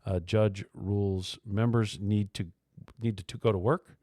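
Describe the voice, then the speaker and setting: A man's voice: lowish voice, fairly even intonation, a little slow, darkish tone, no room sound, studio quality. A man hosting a casual labor radio show, talking loosely with lots of fillers, restarts and sarcastic asides. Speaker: talk show host.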